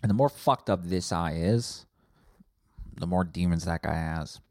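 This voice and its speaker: A man's voice: low-pitched, measured pace, a little mellow, no echo, clean studio sound. A man hosting a comedy podcast, rambling from tangent to tangent with plenty of swearing. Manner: rambling, profane, tangent-hopping. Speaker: podcast host.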